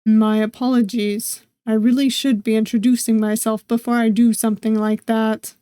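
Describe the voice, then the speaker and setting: A woman voicing a tall, courtly old-world nobleman with a deep, formal delivery and a slight put-on Russian accent. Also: level tone, normal speed, dark tone, no echo, lightly acted. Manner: deep, formal and smooth, calling the listener darling. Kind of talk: game voice acting while reading aloud.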